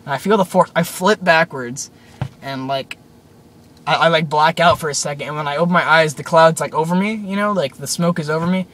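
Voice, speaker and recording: Brisk and on the high side, with a bit of brightness and a little hiss or hum, a young male vlogger relates an odd dream to his viewers. The casual telling wanders, sprinkled with "like" and "um."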